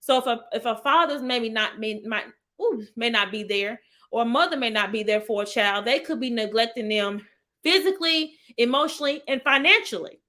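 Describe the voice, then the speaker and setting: A woman's voice: fairly high pitch, expressive, brisk, bright, forceful tone. A woman, hosting a casual live talk and speaking straight to her viewers as y'all. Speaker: host of a live healing talk. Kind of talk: live-stream chat.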